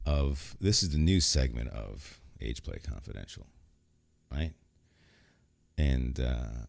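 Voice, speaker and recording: A man's voice: extremely low pitch, gravelly, a little mellow, no room sound. A man hosting a podcast, talking in a casual, rambling, joking way. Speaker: podcast host. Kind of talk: casual solo podcast talk.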